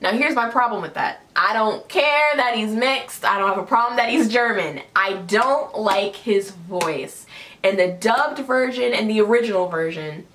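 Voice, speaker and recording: A woman's voice: medium pitch, normal speed, a bit bright. Opinionated woman hosting a casual review. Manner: opinionated, conversational. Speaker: host.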